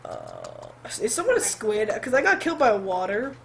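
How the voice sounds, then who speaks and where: A woman giving excitable, giggly let's play commentary while gaming, shouting when thrilled. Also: medium pitch, moderate pace, gravelly, slight background noise. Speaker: gamer.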